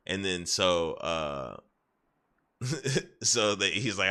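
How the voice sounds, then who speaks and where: A man's voice: sits low, a little slow, sharp tone, clean tone. A man streaming, casually retelling a show's scenes with profanity and acted-out quotes. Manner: rambling, profane, acts out quotes. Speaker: gaming streamer. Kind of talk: casual recap of a show.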